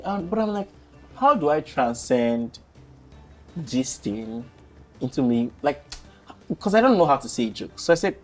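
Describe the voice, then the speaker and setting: A young man in his twenties with a Nigerian accent, a podcast guest telling stories in a chatty, animated way. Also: fairly high pitch, moderate pace, faint music behind. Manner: animated, chatty, laughs easily. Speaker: podcast guest, content creator. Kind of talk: casual storytelling interview.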